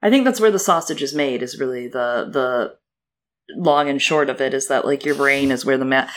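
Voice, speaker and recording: Playful low-voiced woman co-host. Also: normal speed. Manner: playful, animated, swearing. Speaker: podcast co-host. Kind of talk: casual chat.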